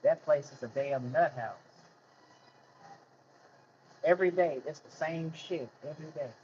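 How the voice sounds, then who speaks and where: A man's voice: on the high side, unhurried, a little mellow, highs cut off, a little hiss or hum. A man ranting bluntly and heatedly in a candid monologue, swearing freely as he tells his own story. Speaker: vlogger telling his life story.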